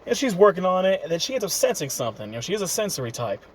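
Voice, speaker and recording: A young man spins an improvised fan story in a casual, rambling way, full of "you know". His voice sits a bit on the high side. The delivery is loose and conversational. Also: very animated, racing, husky.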